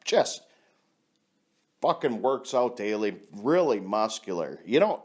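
A man speaking in a blunt, profane ranting monologue. He talks slowly, his voice rising and falling a lot, and he laughs at his own stories. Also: on the low side, very animated, a little mellow. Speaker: vlogger.

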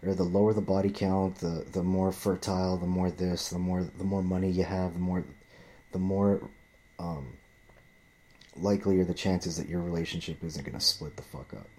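Low-voiced man in a profane rant. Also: steady tone, normal speed, a little mellow. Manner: rambling, profane, restarts and repeats words. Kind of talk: profane ranting monologue.

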